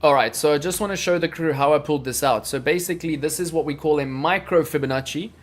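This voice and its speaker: Talking fast in a somewhat high voice, a crypto livestream host works through trading charts with plenty of energy. He also replies to viewers' chat messages as he goes.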